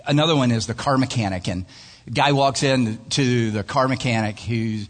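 A male pastor preaching a sermon in a church, telling stories in an animated way and chuckling at his own jokes. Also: mid-range voice, moderate pace. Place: church sanctuary. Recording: long church-hall reverb.

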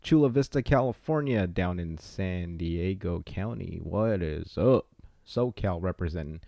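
A man hosting a podcast, giving casual, playful shout-outs and hyping up listeners. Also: sits low, lively intonation, a little slow, vocal fry, no echo. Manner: hyped, playful, riffs on names. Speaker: podcast host.

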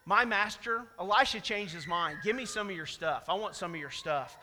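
A sly, grasping servant played by a preacher, who murmurs his greedy schemes under his breath in a bright, high voice. Long hall reverb hangs behind him. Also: moderate pace. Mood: scheming.

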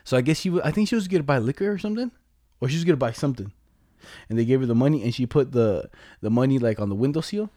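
A man's voice: mid-range voice, animated, very fast, warm tone, dry recording, clean studio sound. A young man telling a family story in casual slangy chat, rambling as he goes.

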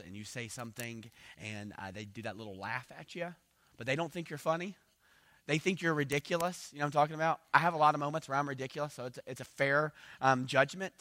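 A man from South Georgia, preaching a lively sermon full of playful asides and acted-out voices. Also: medium pitch, fast talker, no room sound. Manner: animated, playful asides, acts out little voices. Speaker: pastor.

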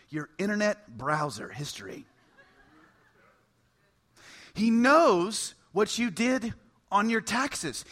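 A man preaching a sermon, in an animated, conversational way with bits of humor. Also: very high-pitched. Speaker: pastor.

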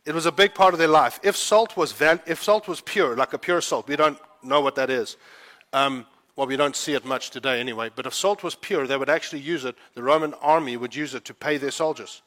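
A man's voice: mid-range voice, brisk, a bit bright. A man from Africa, preaching a sermon in a fervent, conversational storytelling way. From South Africa. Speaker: pastor.

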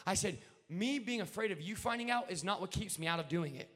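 A man preaching a revival sermon, alternating between shouted, sing-song declarations and lower conversational asides. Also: animated, a little fast. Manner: drops to low conversational asides.

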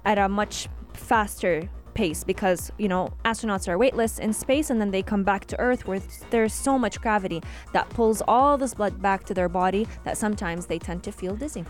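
A woman co-hosting a radio show, explaining news stories in a relaxed conversational way. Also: medium pitch, normal speed, few pauses, faint music behind. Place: radio studio. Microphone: studio microphone.

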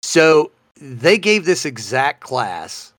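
A man's voice: on the high side, sing-song, slow pace, fairly bright tone, no room sound, studio quality. A man, co-hosting a casual comedy chat and telling stories in a playful, self-mocking way. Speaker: podcast co-host.

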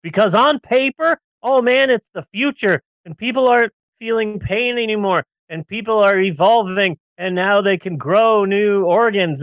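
A man's voice: high-pitched, fairly bright tone, dry recording. A man co-hosting a casual movie-review podcast, ranting sarcastically and riffing with jokes. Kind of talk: casual comedic film review chat.

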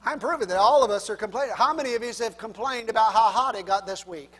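A pastor preaching a sermon to his congregation in a folksy, self-deprecating way, laughing often and swinging between quiet asides and loud, emphatic lines. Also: high voice, fast talker, in a large hall.

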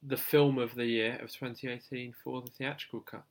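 A man's voice: mid-range voice, flat delivery, brisk. A man co-hosting a casual podcast, bantering dryly and steering the chat toward the wrap-up. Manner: dry, bantering, steers the show. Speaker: podcast co-host.

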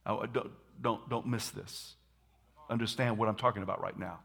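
Animated husky male preacher. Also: on the low side, normal speed. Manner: animated, acts out scenes, shouts dramatically. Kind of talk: sermon.

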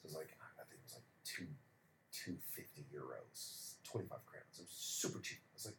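A man's voice: very deep voice, fairly quick. Man telling stories in an echoey room. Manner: animated storyteller, swears freely. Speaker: podcast co-host. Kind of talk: casual chat, storytelling. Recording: echoey room, faint background noise.

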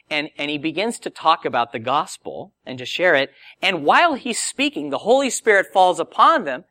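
Animated preacher man, lively voice. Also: fairly high pitch, normal speed, few pauses, dry recording, studio quality. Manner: animated, conversational Bible teaching with acted quotes. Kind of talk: sermon.

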